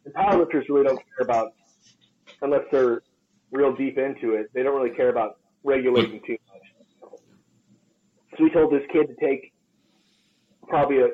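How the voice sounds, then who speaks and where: A man's voice: mid-range voice, normal speed, pauses often. A man tells a gym story on a casual podcast, cursing freely and acting out the people in it. His voice sits in a middle register. The recording sounds slightly dull and lo-fi. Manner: profane, animated storyteller who acts out quotes. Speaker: podcast co-host, personal trainer.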